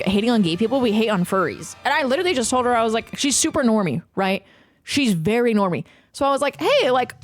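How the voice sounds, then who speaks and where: A woman in her thirties, a streamer, telling a story in casual chat with frequent swearing. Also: on the high side. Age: 30s. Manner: ranting, profane, animated storytelling.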